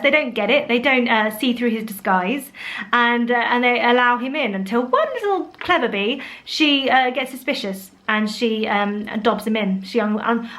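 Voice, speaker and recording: A young woman chatting casually about her favourite bedtime picture books, animated, with playful put-on voices. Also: a little high. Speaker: vlogger reviewing children's books. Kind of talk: casual chat.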